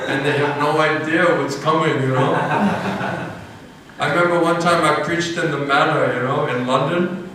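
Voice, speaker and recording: Monk giving an animated sermon, bright tense voice, faint room hum behind, mic at a distance. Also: male voice, on the high side, measured pace. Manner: animated, laughing storyteller. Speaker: monk giving an evening class. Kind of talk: storytelling sermon. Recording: echoey hall, mic at a distance.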